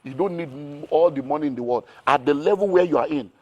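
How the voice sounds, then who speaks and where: Middle-aged Nigerian man, business-mentor guest; rapid and energetic, keeps asking "how do you" questions. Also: a little high, highs cut off. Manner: energetic, piles up rhetorical questions. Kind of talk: animated interview talk.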